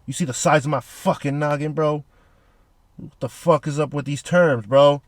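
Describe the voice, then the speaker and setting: A man's voice: a little high, steady tone, normal speed, no echo, close to an everyday voice. A man doing a furious cursing old scientist. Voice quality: profane, trash-talking slang. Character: furious male genius scientist, foul-mouthed.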